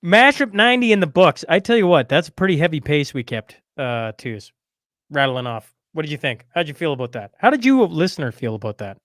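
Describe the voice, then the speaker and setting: A man hosting a casual podcast, excitable and quick to repeat himself as he wraps up the episode. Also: fairly high pitch, no echo. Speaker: podcast host. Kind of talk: casual chat.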